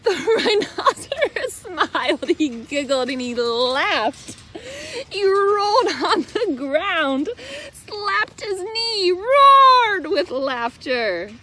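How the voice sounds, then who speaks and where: A high-voiced woman reads a picture book aloud, her pitch swooping up and down as she goes. She reads slowly and warmly and coos to her pets between pages, with a faint background hiss. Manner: animated, sing-song, coos to her pets. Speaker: host reading a picture book. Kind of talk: storybook read-aloud.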